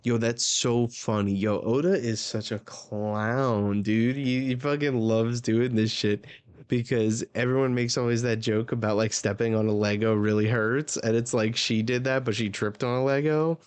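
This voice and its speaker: A man's voice: medium pitch, steady tone, normal speed, a little mellow, clear, resonant tone. A man giving a casual live reaction to a comic chapter, laid-back and swearing casually. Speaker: manga reaction streamer.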